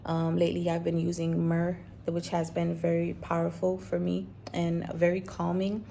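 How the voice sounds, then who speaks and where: A woman's voice: on the low side, monotone, moderate pace, gravelly, warm tone, slight background noise. A woman talking as a spiritual vlogger, earnest and repetitive in a coaching tone. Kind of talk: reflective spiritual talk.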